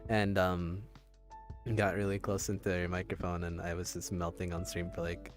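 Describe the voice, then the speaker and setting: A man with a lowish voice chats casually as co-host of a podcast, rambling on and poking fun at himself. Faint music plays underneath. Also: monotone, moderate pace. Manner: rambling, self-mocking, laughs often. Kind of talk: casual chat.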